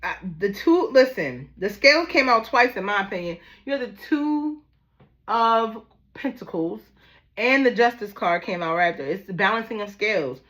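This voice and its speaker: A woman's voice: medium pitch, animated, normal speed, a bit bright. A woman from Baltimore with a Baltimore accent, giving a casual, chatty tarot reading straight to her viewers in a familiar, easygoing way. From Baltimore, USA. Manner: chatty and familiar, calls listeners "y'all" and "baby". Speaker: tarot reader.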